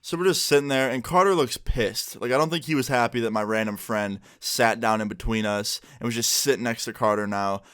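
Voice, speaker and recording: A man's voice: medium pitch, fairly quick, hardly any pauses, fairly bright tone, clean tone. A young man tells a story from his school days for a vlog. He speaks casually and with animation, and he swears freely. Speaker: YouTuber.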